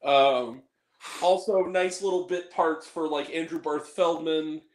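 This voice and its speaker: A man's voice: on the high side, a little slow, reverberant. A man hosting a casual film podcast, talking animatedly and quoting movie lines. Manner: animated, quotes movie lines in put-on voices. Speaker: podcast host.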